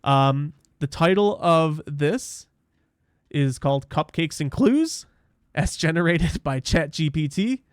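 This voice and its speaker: A man's voice: fairly high pitch, expressive, takes it slowly, no room sound, studio quality. A male podcast host chatting casually with guests, rambling and interrupting himself, then narrating a script. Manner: rambling, self-interrupting, laughs easily.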